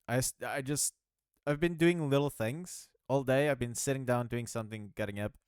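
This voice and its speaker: A man's voice: medium pitch, moderate pace, darkish tone, clean tone, no echo, studio quality. A man chatting casually while working on his game, rambling and poking fun at himself with frequent laughs. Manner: rambling, self-mocking, laughs often. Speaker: game developer. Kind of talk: casual rambling devlog commentary.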